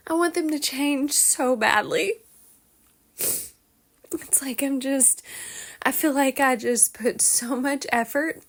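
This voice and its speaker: Slow-talking candid woman podcast host. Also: a little high, a bit bright. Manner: candid and frank, swears freely, laughs between thoughts. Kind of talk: casual confessional monologue.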